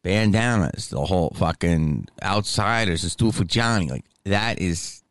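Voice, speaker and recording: Middle-aged man, podcast host, rambling casual stories, very low voice, gravelly, dry close sound. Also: measured pace, dry recording. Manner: rambling, animated, lots of fillers. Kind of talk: casual storytelling chat.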